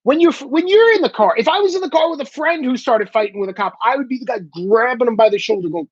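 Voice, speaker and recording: A man in his thirties rants into the camera, swearing freely and at times bursting into shouts. His voice is husky and breathy at an ordinary pitch. The sound is dry and a little dull. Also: quick pace, hardly any pauses, no room sound. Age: 30s. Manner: animated, profane, bursts into shouting. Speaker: commentator. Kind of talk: profane opinion rant.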